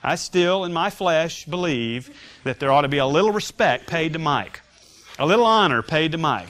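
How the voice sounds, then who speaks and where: A man's voice: fairly high pitch, animated, normal speed, fairly bright tone. A man teaching a Sunday school Bible class, emphatic and joking with his students as they discuss scripture.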